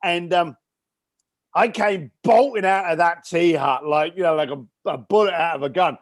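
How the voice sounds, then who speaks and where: A podcast guest with a high, light speaking voice tells a story with real energy in a storytelling interview, acting out his family's lines as he goes. He speaks at normal speed, and the recording is close and dry with no echo or room sound.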